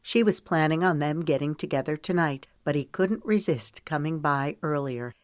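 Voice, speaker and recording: A woman narrating a romance audiobook in a measured, even storytelling manner. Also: low-pitched, dry recording, studio quality.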